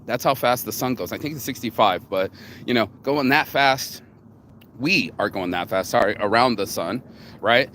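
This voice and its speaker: A man's voice: medium pitch, normal speed, fairly bright tone, a little hiss or hum. A man vlogging outdoors in a rambling casual monologue, cocky and profane, circling back and restarting his thoughts. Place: outdoors in the sun.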